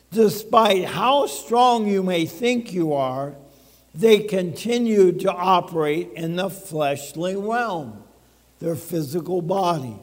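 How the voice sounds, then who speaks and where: A man preaches a sermon in a church, his voice riding high for a man and unhurried in delivery. He speaks emphatically and checks in with the congregation. The sound carries a long hall reverb. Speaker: pastor. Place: church sanctuary.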